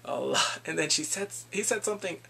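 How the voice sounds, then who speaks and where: A man casually recapping drama episodes, animated and laughing often, acting out the characters' lines. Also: fairly high pitch, a little fast, gravelly, a little hiss or hum. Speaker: drama reviewer.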